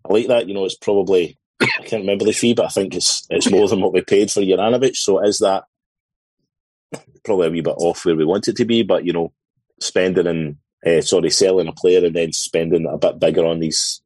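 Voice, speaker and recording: A man's voice: sits low, fairly even intonation, a little fast, darkish tone, slightly rough, no echo, poor audio. A Scottish man chatting casually as a podcast panelist, dry and joking. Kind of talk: casual chat.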